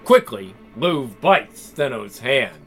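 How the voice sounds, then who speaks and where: A man's voice: medium pitch, very animated, slow, soft background music. A man reading a role-play story aloud, with jokey, chatty asides between the passages.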